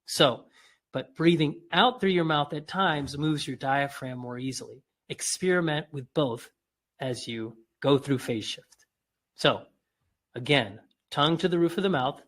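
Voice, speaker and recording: Calm man guiding a mouth exercise. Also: on the high side. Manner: calm, coaching, drawn-out demonstration sounds. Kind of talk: guided exercise instruction.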